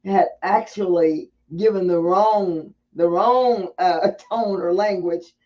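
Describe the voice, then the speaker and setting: Curious interviewer woman, mellow voice. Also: lowish voice, slow, dull audio. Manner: curious, with frequent affirmations and laughs. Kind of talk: casual interview conversation.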